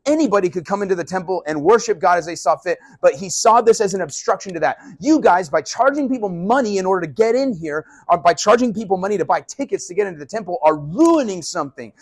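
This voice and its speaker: Brief: conversational male pastor, fairly high voice, animated sermon. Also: quick pace, few pauses, no room sound.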